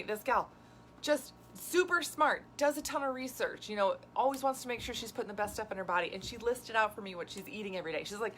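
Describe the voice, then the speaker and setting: Middle-aged woman, health coach, chatty, laughs often, mid pitch, faint room noise. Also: fairly bright tone. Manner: chatty, laughs often, acts out clients' complaints. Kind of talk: casual talking-head video lesson. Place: indoors, drawing on a board.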